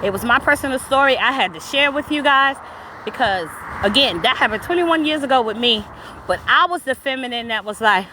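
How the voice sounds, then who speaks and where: A woman's voice: sits high, expressive, fairly quick, bright, forceful tone, a little hiss or hum. A woman with a New York accent, out of breath while walking outdoors, talks bluntly and preachily to her viewers in a casual live stream. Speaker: spiritual vlogger.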